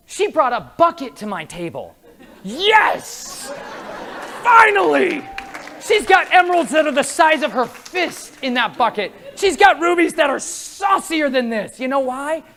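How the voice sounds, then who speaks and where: A conference speaker preaches an energetic, story-driven sermon in a hall full of listeners. His pitch swoops as he shifts from quiet asides to loud, punchy lines, and he laughs a lot while imitating the people at his table.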